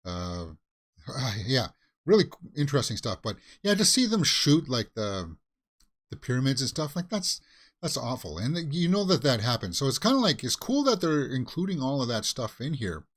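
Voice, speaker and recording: A man's voice: medium pitch, very animated, moderate pace, fairly bright tone. A man hosting a movie talk show, casually reacting to a film trailer in a loose, rambling way full of fillers and restarts.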